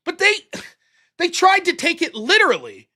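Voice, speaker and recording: A man hosts his own live-streamed commentary show, berating and mocking with heavy profanity. His voice sits high and bright, and it leaps around animatedly between near-shouts and low mutters. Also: wildly swooping pitch, moderate pace. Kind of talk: ranting political commentary.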